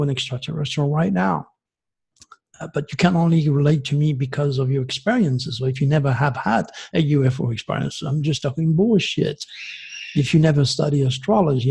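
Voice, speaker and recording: A man in his sixties from France, giving an agitated, preachy monologue that swings from loud outbursts to hushed asides. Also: a little high, creaky, husky. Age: 60s. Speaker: astrologer host. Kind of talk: impassioned monologue.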